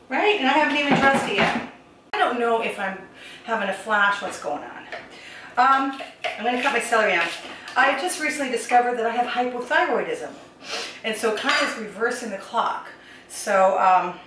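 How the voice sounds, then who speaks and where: A woman's voice: medium pitch, fairly bright tone, a little hiss or hum. A woman hosting a casual home cooking demonstration, chatting to viewers as she chops vegetables. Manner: chatty, talks to viewers while chopping. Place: home kitchen. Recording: very echoey kitchen, far from mic, dish clatter.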